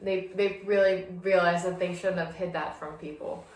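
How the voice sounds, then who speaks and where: A woman's voice: fairly low pitch, steady tone, moderate pace. A woman hosting a casual video interview, mostly giving brief, agreeable replies. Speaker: host. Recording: echoey room with faint background hiss.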